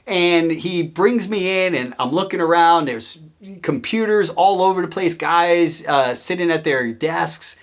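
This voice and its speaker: A man hosting his own show, telling a story about his career in a casual, animated way and acting out the people he quotes. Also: fairly high pitch, a little slow, few pauses. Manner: animated, acts out quoted voices. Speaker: host.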